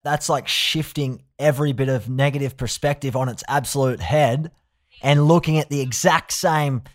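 Male interviewer, reflective and gentle, middle pitch. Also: normal speed. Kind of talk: interview questions.

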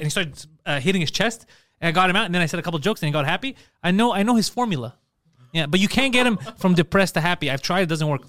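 A man's voice: high voice, animated, very fast, fairly bright tone, dry recording. A man co-hosting a podcast, telling profane, brash stories in casual chat. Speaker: podcast co-host.

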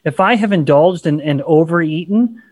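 A man with a fairly high voice speaks on a podcast with emphasis and humor. He gets animated as he makes his points. The sound is dry and close, with no room echo. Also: moderate pace. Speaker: podcast co-host. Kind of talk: casual podcast discussion.

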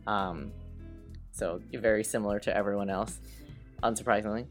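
A woman's voice: a bass voice, steady tone, normal speed, faint music behind. A woman reading out listener questions in casual podcast chat, dry and hesitant with many ums.

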